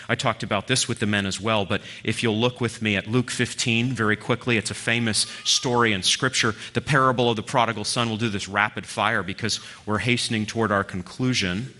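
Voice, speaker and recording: A man giving a sermon as a guest preacher, earnest, swinging between loud emphasis and near-whispered lines. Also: on the low side, moderate pace.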